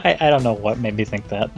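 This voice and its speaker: A man's voice: on the low side, quick pace, creaky, soft background music. A man hosting a podcast in casual chat, joking and teasing his co-host.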